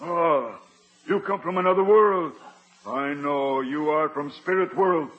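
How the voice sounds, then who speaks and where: An actor playing a solemn older tribal chief who speaks in halting, clipped phrases, in a 1950s radio sitcom. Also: male voice, on the high side, natural voice. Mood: pleading. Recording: dull 1950s radio recording.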